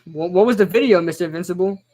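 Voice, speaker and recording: A young man casually reacting live to a football game, chatting with viewers and shouting out their names. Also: high-pitched, quick pace. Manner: excitable, chatty, reads out chat names. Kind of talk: casual live-stream commentary.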